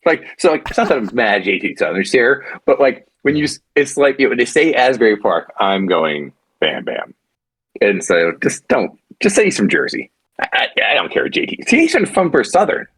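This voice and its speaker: A man co-hosting a casual podcast chat, rambling and animated, with frequent restarts and swearing. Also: medium pitch, a little fast, slightly rough, dry recording. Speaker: podcast co-host.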